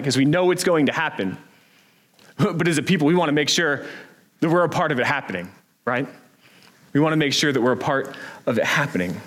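A man preaching a sermon as pastor, earnest and emphatic, with rhetorical questions. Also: a little high.

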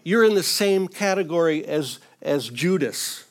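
A man's voice: a little high, lively intonation, unhurried. A man teaching through a Bible passage verse by verse in an informal, earnest way, with touches of light humor.

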